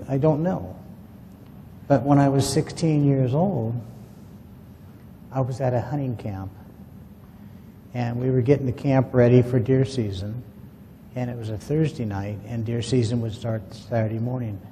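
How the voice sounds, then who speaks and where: A man with a dark, mellow voice spins a rambling, folksy anecdote for a small group. His voice carries a long echo, as if the room is large, with a faint hiss underneath. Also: medium pitch. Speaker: UFO witness telling his story. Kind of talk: casual spoken storytelling to a group.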